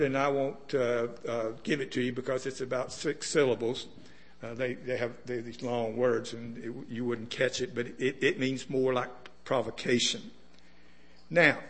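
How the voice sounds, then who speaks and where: A man's voice: medium pitch, fairly bright tone. A man preaching a sermon in a conversational way, often putting questions to his listeners.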